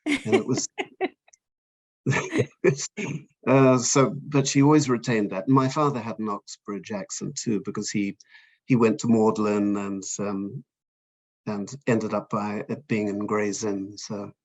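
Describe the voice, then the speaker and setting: An older man from Fiji, an author talking in an interview, hesitant and self-deprecating with many pauses and restarts. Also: lowish voice, flat delivery, a little mellow. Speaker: author guest. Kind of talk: conversational interview.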